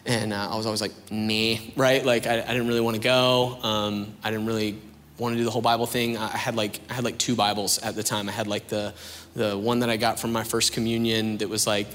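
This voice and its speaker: A young adult man giving a sermon testimony in a chatty, storytelling way with animated asides. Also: on the low side, brisk, slight background noise. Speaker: preacher. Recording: reverberant hall with faint ambience.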